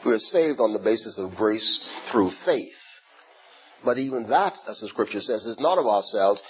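A man preaching a sermon, retelling a scripture story in a slow, animated way and repeating words as he goes. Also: lowish voice, slight background noise. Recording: dull lo-fi recording with faint ambience.

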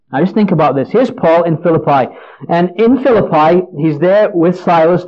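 A man preaching an earnest Bible-teaching sermon, often restarting and repeating words as he explains a passage. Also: sits high. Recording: dull lo-fi recording.

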